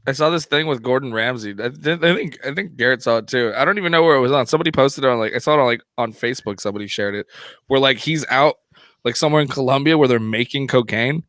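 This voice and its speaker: A man's voice: mid-range voice, fast talker, fairly bright tone, dry recording. A man in his thirties talking loosely and jokingly on a podcast, stumbling over restarts. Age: 30s. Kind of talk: casual chat.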